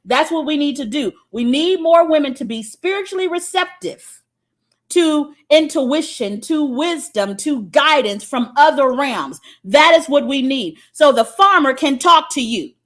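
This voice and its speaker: Woman preaching relationship advice, fairly high voice, swears a lot, keeps saying okay. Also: lively intonation, measured pace, a bit bright. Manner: blunt, profane and emphatic; frequent checking "okay?". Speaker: spiritual teacher. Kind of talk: spiritual teaching monologue.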